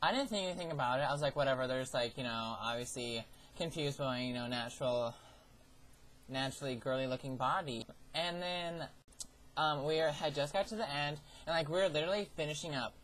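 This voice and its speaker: A man's voice: on the high side, fairly quick, a bit bright, a little hiss or hum, poor audio. A teenage guy vlogging a story about a summer job, in a sassy, profane, theatrical way. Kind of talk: ranting personal storytelling.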